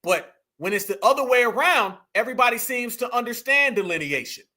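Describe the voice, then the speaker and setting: A man hosting reaction commentary, animated and mocking, repeating his points. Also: very high voice, a little fast. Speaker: commentary host.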